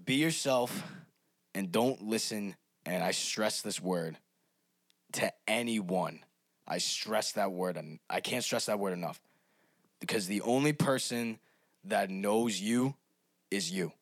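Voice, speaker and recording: A young man with a deep voice talks in a relaxed, earnest way as a podcast guest. His pitch sits low, and the recording is dry with no room sound. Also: measured pace, dry recording. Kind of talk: casual podcast chat.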